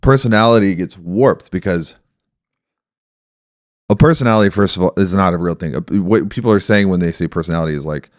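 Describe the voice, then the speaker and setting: A podcast host in his thirties tells a story and explains ideas in a reflective, casual manner. His voice is low and a little fast, captured in clean studio sound with no echo.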